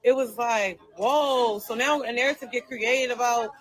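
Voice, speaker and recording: A woman's voice: on the high side, normal speed, low-quality recording. A woman venting on a livestream, telling her side of a falling-out in an emphatic, repetitive and heated way.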